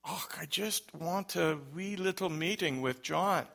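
Guy doing a stammery scottish caller, soft and gravelly, bright tone. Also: high voice, unhurried, voice pushed up, full character voice. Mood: hesitant pleading. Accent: put-on Scottish. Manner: hesitant, stammering, soft-spoken. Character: bumbling Scottish man on a phone call.

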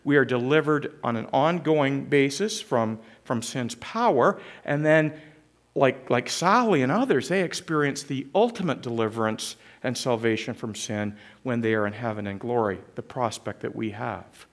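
A man's voice: mid-range voice, lively intonation, normal speed. A man preaching a sermon, reading scripture dramatically and explaining it in a conversational way. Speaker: pastor.

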